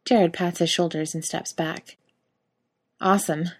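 A woman narrating a fiction audiobook in an even, steady storytelling manner. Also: on the low side, fairly quick.

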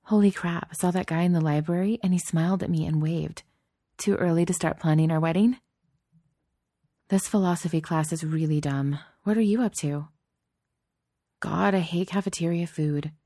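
A woman reading a story, voicing a young female college student who is earnest, apologetic and quick to worry. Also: lowish voice, steady tone, warm tone, dry recording, clean studio sound. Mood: chatty.

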